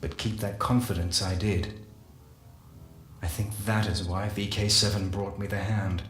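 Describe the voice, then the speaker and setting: An actor playing a solemn male scientist narrating a game audio journal, measured and confessional. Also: sits low, flat delivery, fairly bright tone. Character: solemn male scientist recounting guilty secrets. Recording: echoey voice with faint music.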